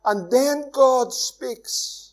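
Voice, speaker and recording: Man, Northern Irish accent, pastor, high voice, earnest sermon, loud peaks and hushed drops. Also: very slow. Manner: earnest preaching, swings from loud emphasis to hushed tones. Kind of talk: evening sermon.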